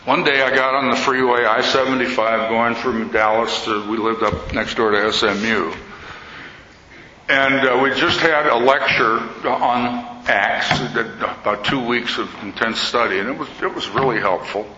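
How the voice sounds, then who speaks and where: An older man, an Orthodox priest, giving a talk in sermon style and telling stories with lively quoted voices. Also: medium pitch, a little slow. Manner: storytelling, animated quoting of others. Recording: echoey hall, slightly dull sound, faint noise.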